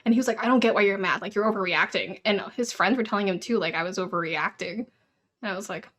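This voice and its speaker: A young woman from Canada co-hosting a podcast, telling animated stories and acting out what others said. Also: medium pitch, quick pace. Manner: animated storyteller, acts out customers. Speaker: podcast co-host. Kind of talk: casual chat.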